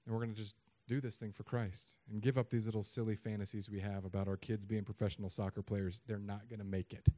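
Animated, joking male preacher. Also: lowish voice, fast, few pauses. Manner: animated, swings from loud emphatic peaks to quiet asides; conversational and joking. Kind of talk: sermon.

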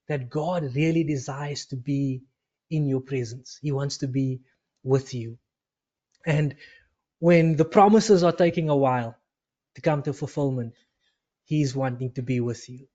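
A man preaches with earnest conviction and retells scripture as a lively story. He comes back to key phrases again and again. His voice sits fairly high, and the recording sounds dull and lo-fi. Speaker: pastor. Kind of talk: sermon.

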